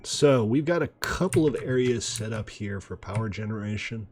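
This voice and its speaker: Low-voiced man narrating his city-building game. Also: moderate pace, a little hiss or hum. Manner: relaxed, self-deprecating, chatty asides. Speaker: gaming video host. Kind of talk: casual gameplay commentary. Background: faint mouse clicks and typing.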